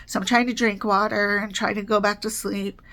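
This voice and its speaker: A woman's voice: medium pitch, little pitch movement, normal speed. A woman vlogging in casual chat from her apartment, rambling with lots of fillers and little laughs, slightly congested and talking around a cough drop. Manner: rambling, chatty, with many fillers and soft laughs.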